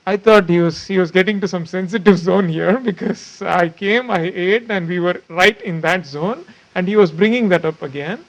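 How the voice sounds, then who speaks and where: Guy with a pretty high voice telling a story about his guru, pokes fun at himself, repeats stuff a lot. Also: moderate pace, hardly any pauses, dull audio. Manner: self-deprecating storytelling with frequent repeats. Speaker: disciple recounting memories of his teacher. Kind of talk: spiritual anecdote.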